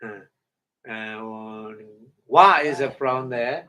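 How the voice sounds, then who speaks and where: A man giving a Dhamma talk in halting English, breaking Pali words into syllables, often chuckling and asking if listeners follow. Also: medium pitch, pushed and bright. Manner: halting non-native English, chuckles often, checks understanding. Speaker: meditation teacher.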